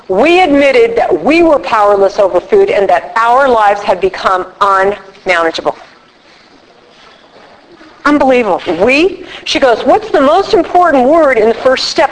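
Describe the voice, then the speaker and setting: A middle-aged woman leads a recovery workshop, talking to a room of attendees. She tells her story with animation and acts out each voice in her conversations. Her voice sits a little high and carries a long reverb from the hall. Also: slight background noise. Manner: animated storyteller acting out dialogue. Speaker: workshop speaker.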